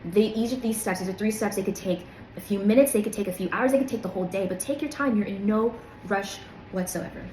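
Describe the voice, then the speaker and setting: A woman's voice: medium pitch, fast talker, dark tone, a little hiss or hum. A woman giving an earnest, motivational self-help talk to camera, coaching the listener and repeating phrases for emphasis. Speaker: self-help video host. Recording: echoey room.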